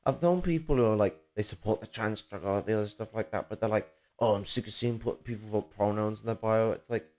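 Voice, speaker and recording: A man's voice: lowish voice, fast, a little mellow. A man in casual political chat, ranting and cursing with sarcastic jabs.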